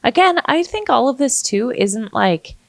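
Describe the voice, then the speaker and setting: A woman real estate agent co-hosting a podcast, talking fast in casual chat. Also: sits high, big pitch swings, gravelly, dry recording.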